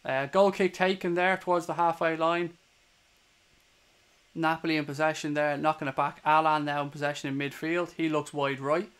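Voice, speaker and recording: Irish bloke doing running commentary on a match for his stream, fairly high voice, swears a lot at the other team. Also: flat delivery, moderate pace, a bit bright, clear, resonant tone. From Ireland. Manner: swears hotly at opposing players. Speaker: fan watchalong streamer doing live commentary. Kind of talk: live play-by-play commentary to a stream chat.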